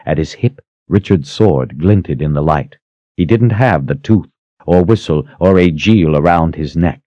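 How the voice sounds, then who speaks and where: Deep, dark-voiced male narrator. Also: dry recording, dull audio. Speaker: audiobook narrator. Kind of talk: scripted fantasy narration.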